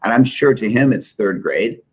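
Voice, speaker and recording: Speaking at normal speed, this middle-aged software company CEO has a lowish, slightly rough voice with lively intonation. As a guest in a casual interview, he rambles through self-deprecating business stories.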